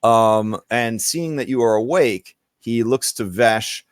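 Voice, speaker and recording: A man narrating a tabletop game as game master in a relaxed, rambling way with many fillers. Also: mid-range voice, slow, dry recording, clean studio sound.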